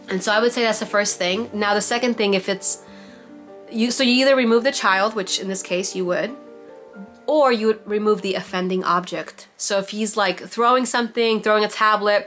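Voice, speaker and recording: A woman's voice: mid-range voice, fairly bright tone. A young woman giving parenting advice to other mothers on a video call, chatty, full of "like" and "you know". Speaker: mom giving parenting advice to a support group. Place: home, on a virtual meeting. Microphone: computer mic on a video call.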